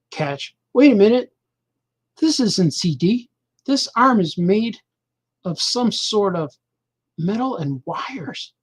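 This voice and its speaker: A man's voice: high voice, fairly bright tone, breathy edge, exaggerated voice. A man reading aloud a startled male comic-book character who discovers a robot arm, with rising, surprised exclamations.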